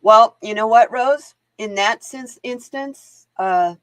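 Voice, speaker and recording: A woman's voice: a little high, takes it slowly, a bit bright, no echo. A woman hosting live card readings, chatting casually to viewers and laughing often as she wanders off into stories. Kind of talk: casual livestream chat.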